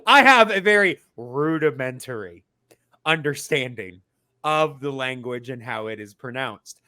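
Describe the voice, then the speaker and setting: A man on a podcast giving a casual mock lesson, talking slowly and explaining step by step with lots of fillers. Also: mid-range voice, lively intonation, pushed and bright. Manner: slow, explanatory, many fillers and restarts. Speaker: podcast co-host.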